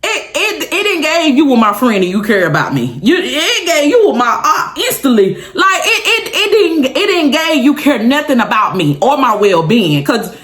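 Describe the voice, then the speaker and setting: Woman vlogger, dramatic storytime delivery, high-ish pitch, echoey room. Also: moderate pace, few pauses. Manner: animated, dramatic, talks straight to viewers; laughs often while telling. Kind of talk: casual storytime chat.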